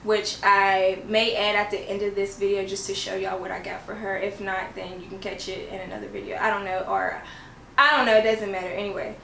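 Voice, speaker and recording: A woman and English teacher chatting excitedly through an unboxing vlog at home. She gushes, rambles and keeps correcting herself. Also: mid-range voice, a little fast, gravelly, echoey room, slight background noise. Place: at home, indoors.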